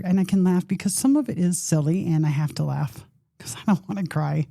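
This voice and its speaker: A middle-aged woman with a low, gravelly voice, sharing a personal story as a podcast host. Her tone is very mellow and dark. She talks in a loose, rambling, conversational way and pokes fun at herself. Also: fairly quick, no echo, clean studio sound. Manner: conversational, rambling, with self-deprecating humor.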